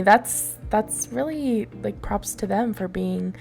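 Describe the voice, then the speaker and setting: Woman guest, gravelly fry-heavy voice, relaxed easy chat. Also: medium pitch, unhurried, over music. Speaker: podcast guest. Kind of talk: casual chat.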